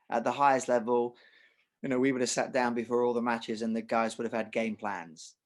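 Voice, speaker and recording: Middle-aged man, tennis coach, casual podcast chat, animated, tells examples. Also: medium pitch. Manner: animated storyteller, uses acted examples.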